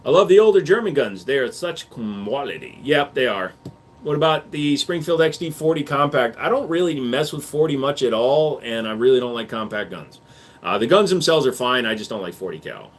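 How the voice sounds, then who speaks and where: A man's voice: mid-range voice, lively intonation, a little fast. A man hosting a casual livestream, answering chat questions in a blunt, offhand, joking way.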